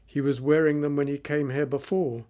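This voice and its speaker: A man's voice: on the high side, fairly even intonation, normal speed, mellow, lightly acted. A man reading the part of a stubborn, bossy village father in a storybook. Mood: impatient. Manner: bossy, impatient.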